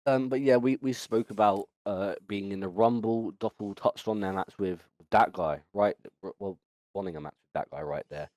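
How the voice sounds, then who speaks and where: Rambling man, low voice. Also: moderate pace, a little mellow, no echo. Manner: rambling, stumbling, lots of ums and restarts. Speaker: podcast host. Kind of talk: casual chat.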